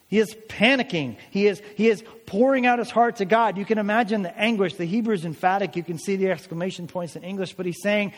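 A man's voice: high voice, brisk, few pauses. A man preaching a sermon as pastor, dramatic and emphatic, asking rhetorical questions of the congregation. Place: church hall. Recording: long hall reverb.

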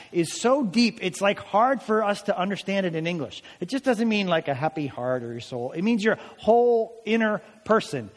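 A man preaching a sermon as pastor, dramatic and emphatic, asking rhetorical questions of the congregation. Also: high voice. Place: church hall. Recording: long hall reverb.

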